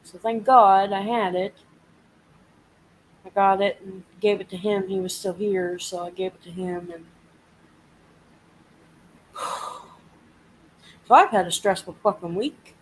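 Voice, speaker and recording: A woman's voice: medium pitch, steady tone, a little slow, pauses often, a little hiss or hum, rough recording. A woman hosting a casual live chat, venting and swearing as she animatedly retells a frustrating week. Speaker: live stream host.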